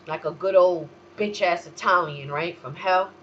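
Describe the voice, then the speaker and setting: Alone on her talk show, a woman swears her way through a fiery rant that lurches from quiet muttering to full shouts. She speaks a little slowly, and the lo-fi audio carries slight background noise.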